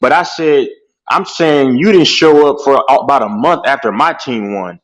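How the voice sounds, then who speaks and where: An animated young man talks sports in a loose, heated chat, constantly dropping "bro". His voice sits at an ordinary pitch and he sounds naturally loud. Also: normal speed, poor audio. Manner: animated, repeats "bro" often.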